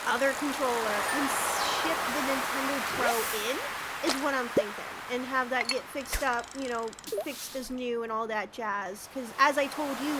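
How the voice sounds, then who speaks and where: A high, bright-sounding woman chats away as she plays a game on a live stream, giggling often and calling out to viewers by name. Loud background noise and clicking sit under her voice. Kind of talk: casual live-stream chat while gaming.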